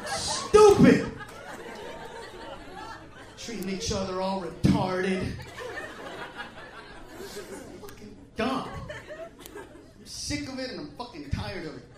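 Man, stand-up comic, brash and profane, very high voice, echoey club from afar, loud crowd behind. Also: big pitch swings, takes it slowly, pauses often. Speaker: stand-up comedian. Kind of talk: stand-up comedy set. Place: comedy club stage. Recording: echoey live club from a distance. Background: audience laughter.

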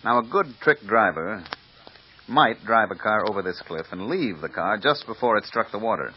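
A man's voice: on the low side, lively intonation, moderate pace, a little hiss or hum, natural voice. An actor playing a clipped, businesslike male police lieutenant in a 1950s radio drama. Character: brisk, matter-of-fact male police lieutenant. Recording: dull lo-fi old radio recording.

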